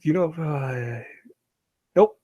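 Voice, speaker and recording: A man's voice: a little high, unhurried, dark tone, dry recording, highs cut off. A man hosting a casual live stream, rambling and chatty, laughing often and reading chat aloud.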